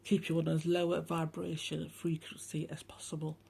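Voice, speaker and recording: A woman's voice: low voice, completely flat delivery, a little fast, gravelly, mellow, slight background noise. A woman hosting a rambling, casual spiritual monologue, talking bluntly, swearing often and turning sarcastic. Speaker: spiritual channel host.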